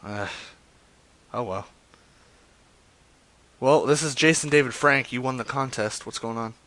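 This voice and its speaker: A man runs a loose prank-call show, his voice pitched at an ordinary middle height. He jokes crudely, rambles and lets his sentences trail off into mutters. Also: measured pace, fairly bright tone, no echo. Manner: crude, joking, trails off into mumbles. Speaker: prank caller hosting a call-in stream. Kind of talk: casual rambling chat with prank calls.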